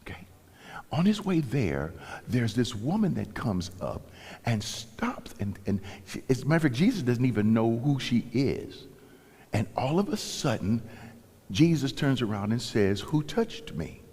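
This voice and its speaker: A man's voice: medium pitch, very animated, measured pace, a little mellow, breathy edge. A man preaching a sermon as pastor, telling the story with animation and acting out the characters' lines in different voices. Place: church sanctuary. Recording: long church hall reverb.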